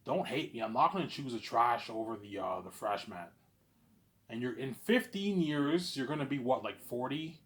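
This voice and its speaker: A man's voice: mid-range voice, expressive, moderate pace. Man vlogger, unscripted boastful ramble, repeats himself, volume jumps around. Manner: repetitive, boastful, keeps saying obviously; swings between loud bursts and mumbling. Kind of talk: rambling monologue.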